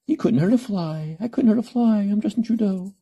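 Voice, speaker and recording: A man putting on a smug, soft-spoken male politician in an exaggerated, mocking sing-song. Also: sits high, brisk, slightly rough, pitched above the performer's own voice.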